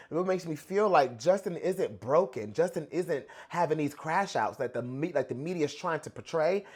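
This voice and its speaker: Young man, pop culture commentator, gossipy reaction talk, swooping lively pitch. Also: husky. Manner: animated, gossipy, dramatic outbursts.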